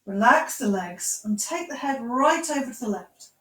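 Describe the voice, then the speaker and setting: A woman guiding a yoga class with gentle, encouraging, unhurried instructions. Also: a little high, animated. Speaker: yoga teacher. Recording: echoey room, voice from far off.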